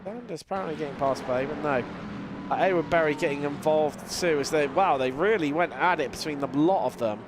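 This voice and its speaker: A man calling a sim race as a live commentator. He has a lingering cold, talks in a lively play-by-play with fillers and mid-sentence restarts. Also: on the high side, fairly quick. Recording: voice over loud race car noise. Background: racing car engine sounds.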